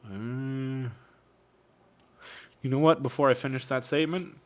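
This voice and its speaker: A man reads a novel aloud in a casual stream, stopping now and then for sardonic, profane asides. His medium-pitched voice is a little slow, with fairly even intonation.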